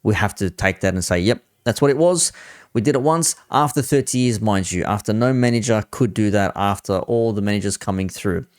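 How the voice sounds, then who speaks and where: A man's voice: lowish voice, fairly quick, hardly any pauses, no room sound, clean studio sound. A man on a football panel, speaking as a Liverpool fan in a blunt, sweary, ranting debate.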